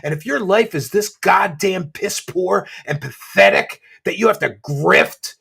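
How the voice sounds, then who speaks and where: A man hosting a commentary show, ranting and mocking, swinging between low muttering and loud shouting. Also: unhurried, vocal fry, hardly any pauses, slightly rough.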